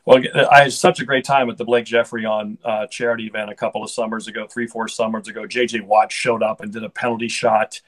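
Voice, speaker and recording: A man's voice: on the low side, level tone, quick pace, few pauses, poor audio. A middle-aged man, a hockey broadcaster, chatting casually in an interview with an upbeat, rambling manner and frequent restarts.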